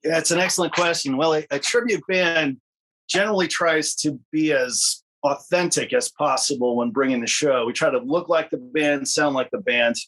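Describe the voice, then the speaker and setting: A man's voice: fairly high pitch, moderate pace, fairly bright tone, poor audio. Friendly, articulate male musician guest. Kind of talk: podcast interview.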